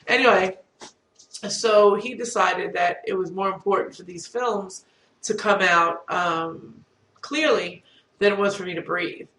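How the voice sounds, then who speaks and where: A woman's voice: mid-range voice, unhurried, a bit bright, slight background noise. A middle-aged woman with a cold, telling a rambling, candid, self-deprecating story to camera as a vlogger. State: has a cold. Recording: roomy echo, distant from mic.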